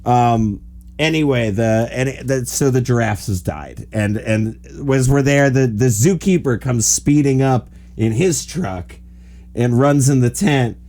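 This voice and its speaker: Podcast host, man, forties, middle-pitched, rambling storyteller. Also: measured pace. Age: 40s. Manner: animated, rambling anecdotes full of "like". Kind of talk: casual storytelling chat.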